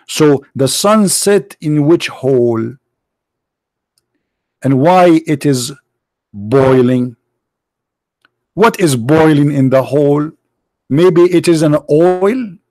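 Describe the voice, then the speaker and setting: Man, non-native English speaker, taunting debate host, slightly high pitch, dead dry close recording. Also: a little mellow, dry recording. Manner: mocking, sarcastic, repeats "brother" often. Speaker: host of a call-in religious debate show. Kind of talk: heated live debate with callers.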